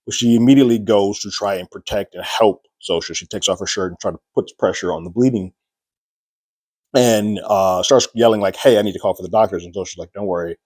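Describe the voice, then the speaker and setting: A man's voice: fairly low pitch, brisk, a little mellow, no echo. A man giving a casual spoiler review of a TV episode, retelling scenes and acting out characters' lines with raised voices.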